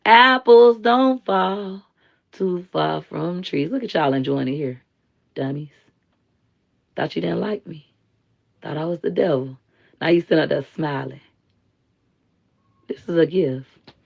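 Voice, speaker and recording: A woman hosting a live stream, giving blunt, slangy commentary and telling stories in an animated way. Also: sits low, unhurried, creaky, long pauses, breathy edge. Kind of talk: casual commentary and storytelling.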